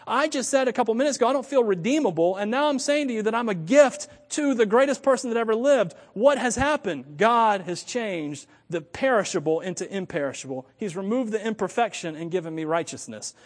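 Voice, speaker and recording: An American man preaches with a high, lively voice, thinking out loud and often catching and correcting himself. His delivery is animated, and a long hall reverb trails every phrase. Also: a little fast, hardly any pauses. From United States. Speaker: pastor. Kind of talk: sermon.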